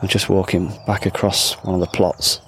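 Man, deep voice, casual rambling podcast talk, walking outdoors, faint birds behind. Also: flat delivery, moderate pace, fairly bright tone, slight background noise. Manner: rambling, self-deprecating asides. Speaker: podcast host. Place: outdoors at an allotment.

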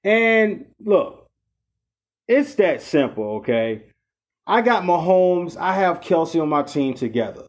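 A man's voice: high-pitched, sing-song, slow. A man hosting his own fantasy sports talk show, speaking casually and venting about losses, with many fillers and "okay?" checks. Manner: frustrated, repetitive "okay?" and "you know" fillers. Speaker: podcast host.

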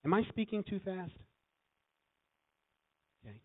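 This guest preacher has a high-pitched voice and a slightly slow delivery. His sermon is lively, and he draws responses from the congregation throughout. The recording comes across thin and phone-like.

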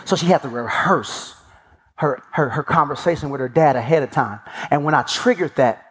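A man's voice: on the high side, normal speed, fairly bright tone, breathy edge. A man giving a sermon as a guest speaker, telling stories with animation and acting out the voices of people he quotes, in an emphatic preaching cadence. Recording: long church hall reverb.

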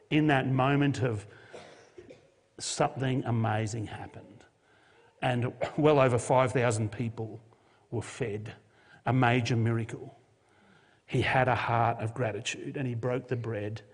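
A man, a pastor preaching a sermon and telling a Bible story with jokey modern asides. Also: mid-range voice. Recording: long hall reverb.

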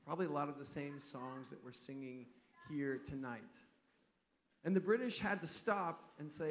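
A man's voice: a little high, normal speed, a little hiss or hum. A man preaching a Christmas Eve sermon, telling a story in a conversational way. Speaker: pastor.

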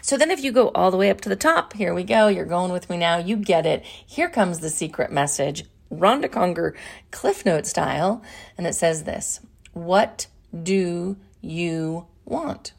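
A middle-aged woman hosting a motivational talk show, energetic and playful, repeating phrases for emphasis. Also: fairly low pitch, normal speed, gravelly, husky. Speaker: podcast host.

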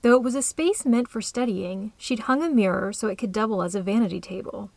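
A woman reading a story aloud in a calm, even way. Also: medium pitch, brisk, vocal fry, no echo. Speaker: narrator. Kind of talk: scripted story narration.

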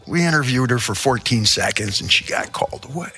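A man's voice: medium pitch, lively intonation, a little fast, few pauses, sharp tone, faint music behind. An older man from the American Midwest hosting a show, telling a rambling, theatrical comic rant. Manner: theatrical, rambling storyteller with sudden asides. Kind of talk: comedic rant monologue.

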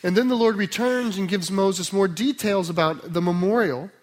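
A man preaching a sermon, explaining scripture in a conversational way, then reading a passage aloud slowly and softly. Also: sits high. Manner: conversational teaching with restarts, slow and soft when reading scripture.

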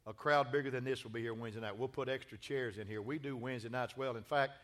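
A man's voice: medium pitch, steady tone, fast talker, a bit bright. A man, a pastor giving a church sermon and announcements in a folksy, joking, exuberant way. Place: church sanctuary.

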